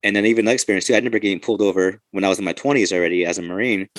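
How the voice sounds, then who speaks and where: A man's voice: on the low side, very fast, no room sound. A man, a police officer and podcast host, telling loose, profane stories in casual chat.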